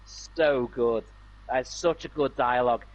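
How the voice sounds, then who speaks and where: A man streaming a game talks in a medium-pitched voice at a measured pace. His casual chat is rambling and enthusiastic, full of fillers and restarts, and the sound is lo-fi.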